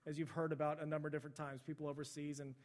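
A man preaching in a church sanctuary, his slightly high voice trailing off in a long, ringing reverb. He tells a story in a relaxed, conversational way and briefly takes on the voices of the people he describes. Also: rapid-fire. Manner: conversational, relives stories by voicing the people in them. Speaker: pastor. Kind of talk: sermon storytelling.

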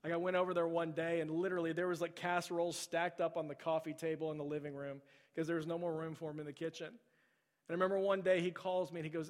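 Pastor preaching in a reverberant sanctuary. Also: male voice, on the high side, level tone, quick pace. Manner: storytelling, then soft pleading repetition. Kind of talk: sermon. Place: large church sanctuary. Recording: long hall reverb.

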